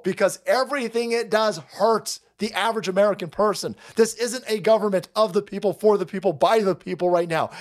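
Profane ranting man, high-pitched voice. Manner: profane, sarcastic, mocking, swings into shouting. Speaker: political stream host. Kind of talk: ranting political commentary.

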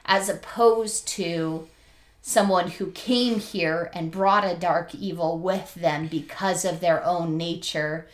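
A woman's voice: lowish voice, fairly even intonation, slow pace. A woman co-hosting a casual podcast, talking through a book thoughtfully and analytically, with frequent ums. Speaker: podcast co-host.

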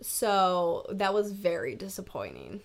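A woman's voice: medium pitch, huge pitch swings, measured pace, vocal fry. A woman in her twenties hosting a casual solo podcast from her room, rambling and laughing, with "like" in almost every sentence. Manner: chatty, rambling, laughs a lot, says "like" constantly. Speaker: podcast host. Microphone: camera mic on her desk.

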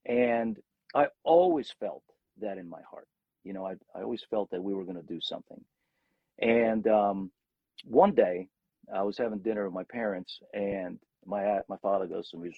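A man's voice: lowish voice, normal speed, dry recording, muffled recording. A middle-aged man, a rock singer, telling stories from his career in a casual interview and acting out the voices of people in them. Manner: animated storyteller, acts out quotes.

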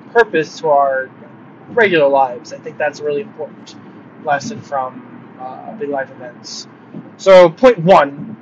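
High-voiced young man rambling in a vlog. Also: slight background noise. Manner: rambling, filler-heavy, animated storytelling. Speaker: vlogger. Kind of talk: casual vlog monologue. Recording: slightly muffled lo-fi sound.

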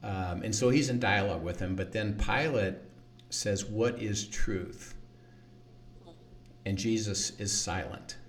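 A man's voice: fairly low pitch, normal speed, distant mic. A man teaching the Bible in conversation, earnest, acting out quoted lines and often repeating words.

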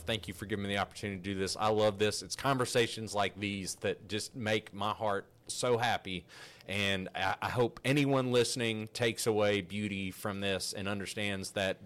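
A man hosting a podcast, telling a story in a casual, animated, rambling way with frequent restarts. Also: on the low side. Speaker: podcast host.

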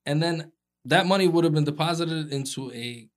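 A man's voice: on the high side, normal speed. A man who is a personal injury attorney, explaining legal points with examples in casual podcast chat.

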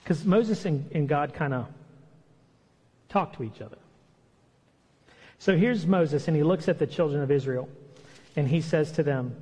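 A man's voice: a little high, a little slow, pauses often, darkish tone, slightly rough, in a large hall. A man preaching a sermon in a conversational way, acting out the lines he quotes. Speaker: pastor. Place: church hall.

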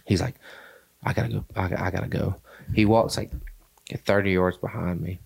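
A man's voice: sits low, steady tone, moderate pace, gravelly, a little mellow, husky. A man hosting a podcast, telling a hunting story in a rambling, casual way with many fillers. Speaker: podcast host. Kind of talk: casual chat.

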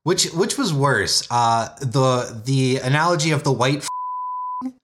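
Man, game host, teasing casual chat, mid pitch. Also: lively intonation, measured pace, noisy background. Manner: teasing, laughs a lot.

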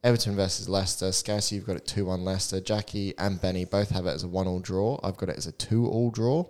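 Low-voiced man hosting a football podcast. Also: fast talker. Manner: runs through predictions in a steady list, blunt and swearing. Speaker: podcast host. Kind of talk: casual football chat with friends.

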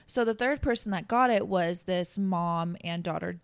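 Young woman podcast co-host, low-middle voice, chatty and emotional, dry close sound. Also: moderate pace, gravelly, smooth, no room sound. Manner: chatty, emotional, many fillers. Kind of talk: casual chat.

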